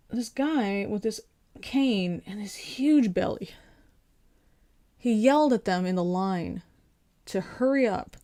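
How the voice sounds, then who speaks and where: A woman's voice: mid-range voice, warm tone. Exasperated sarcastic woman ranting. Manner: exasperated, sarcastic, rhetorical questions. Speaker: veteran telling her story. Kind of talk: casual storytelling rant.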